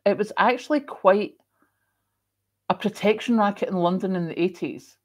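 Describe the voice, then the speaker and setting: A woman's voice: mid-range voice, normal speed. Chatty Scottish woman telling stories. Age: middle-aged. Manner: chatty and expressive, with emphatic repetition. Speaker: host. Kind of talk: casual storytelling chat.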